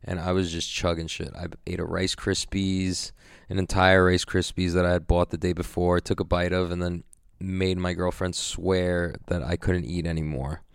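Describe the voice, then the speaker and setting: A man's voice: low-pitched, level tone, moderate pace, creaky, clear, resonant tone, no room sound, studio quality. A young man recapping his competition day in a casual vlog, swearing freely and rambling with lots of "like" and filler words. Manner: profane, rambling, full of likes and fillers. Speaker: grappling competitor.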